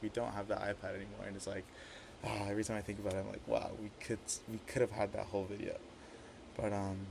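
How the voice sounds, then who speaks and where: A man's voice: lowish voice, slight background noise. A young man practicing a wedding toast for his sister as brother of the bride, rambling with lots of fillers and restarts.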